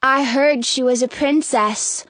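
A plain, wistful young stepsister, as a woman reader puts her on. High and slow, recorded close and dry. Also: a bit bright, dry recording.

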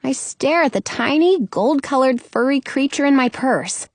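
A woman narrating a children's story in the first person, expressive and storytelling. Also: high-pitched, moderate pace, no echo. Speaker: audiobook narrator.

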